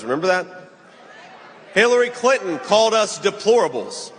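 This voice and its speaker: A man's voice: high voice, lively intonation, normal speed. A man giving an emphatic, mocking rally speech in a large arena, played back from a clip. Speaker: political speaker at a rally. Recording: played clip with loud crowd noise and long reverb.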